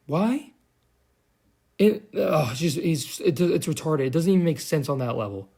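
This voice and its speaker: A man's voice: high-pitched, lively intonation, a little slow, creaky, pauses often, warm tone, breathy edge. A young man giving a heated, profane, sarcastic commentary rant as a vlogger. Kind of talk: ranting commentary.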